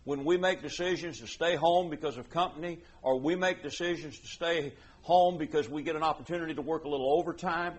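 A man's voice: a little high, fairly quick, few pauses, slightly rough. A man preaching a conversational sermon, earnest, often repeating words and voicing imagined parents.

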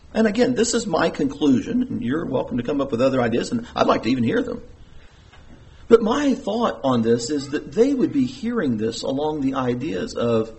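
A man's voice: medium pitch, a little mellow. A middle-aged pastor preaching an earnest sermon, with emphatic rises in his voice.

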